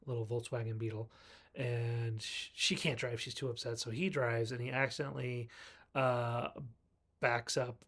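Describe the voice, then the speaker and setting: A man's voice: mid-range voice, level tone, moderate pace, fairly bright tone. A man reviewing a film in a casual recap, chatting along and acting out the characters' lines as he goes. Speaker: movie reviewer.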